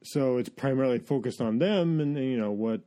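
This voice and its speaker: A man reviews a film in a relaxed podcast chat. His voice is warm and mellow at a middle pitch. He rambles with strong opinions and stops and restarts his sentences. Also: normal speed. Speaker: movie review podcast host.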